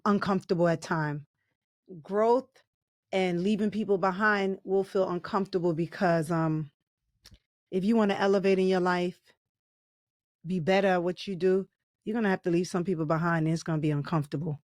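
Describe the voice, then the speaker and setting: A woman's voice: fairly low pitch, no room sound, studio quality. A middle-aged woman from New York co-hosting a podcast, speaking in an upbeat, encouraging, motivational way. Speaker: podcast co-host. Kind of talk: casual podcast chat.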